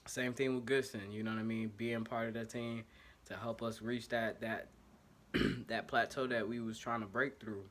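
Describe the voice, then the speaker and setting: A man's voice: medium pitch, flat delivery, moderate pace, fairly bright tone. A man from Ohio with an Ohio accent, hosting casual one-take fan commentary in a loose, slangy way. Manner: loose, slangy, self-correcting and apologetic about technical trouble. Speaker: sports podcast host. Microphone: home setup, single take.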